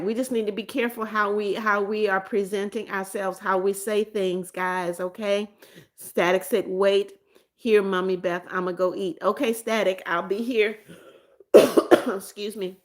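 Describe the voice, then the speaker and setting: A woman's voice: medium pitch, steady tone, unhurried, long pauses. A middle-aged woman from the United States hosting a casual livestream, chatting and reading viewer comments aloud, often repeating greetings and names. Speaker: livestream host.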